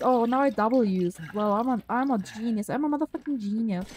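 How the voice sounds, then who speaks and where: A woman's voice: on the high side, a little fast, few pauses, a little mellow, poor audio. A woman live-streaming a horror game, chatting with viewers, swearing freely and shrieking at scares.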